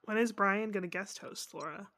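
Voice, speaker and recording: Enthusiastic woman co-host, mid pitch. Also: moderate pace, pushed and bright, no room sound. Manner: enthusiastic, gives opinions, laughs. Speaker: podcast co-host. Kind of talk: casual chat.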